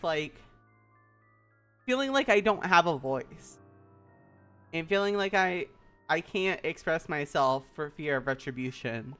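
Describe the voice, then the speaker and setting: A woman from the Southern United States, a VTuber talking on her stream in an earnest, halting, rambling way. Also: sits low, fairly bright tone. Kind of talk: casual personal stream talk.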